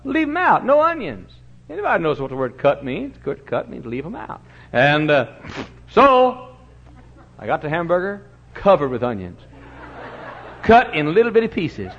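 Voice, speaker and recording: An older man preaching a sermon in a church, telling stories and swinging from booming shouts to low, quiet asides. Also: very animated, moderate pace, pauses often. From Texas. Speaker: pastor. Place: church sanctuary. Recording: dull lo-fi recording.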